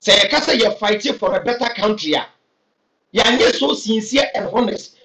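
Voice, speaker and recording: A man's voice: high-pitched, moderate pace, bright, forceful tone, echoey room. A man with a Ghanaian accent giving earnest, urging opinions to camera, with hesitant fillers. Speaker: political commentator. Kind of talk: impassioned opinion vlog.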